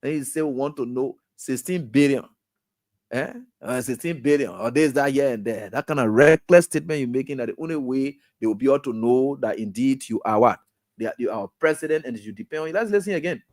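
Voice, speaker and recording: A man's voice: medium pitch, expressive, fast, darkish tone, no echo, clean studio sound. A man with a Liberian English accent hosting a political talk radio show, scolding and firing rhetorical questions straight at the president. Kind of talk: fiery political commentary.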